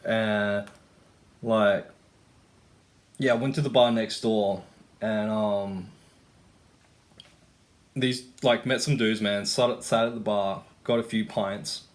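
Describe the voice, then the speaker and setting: A man's voice: on the low side, fairly even intonation, takes it slowly, pauses often. A young man ranting and telling stories in a casual vlog, rambling and swearing, full of "like" and "you know". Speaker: vlogger. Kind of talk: casual rant storytelling.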